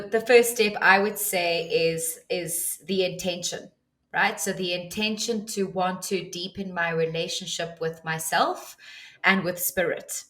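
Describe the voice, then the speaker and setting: A woman's voice: fairly low pitch, fairly bright tone. A woman guest on a podcast, earnestly telling a personal story and giving advice, with many restarts. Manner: earnest, vivid retelling with restarts. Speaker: podcast guest, ceremony leader.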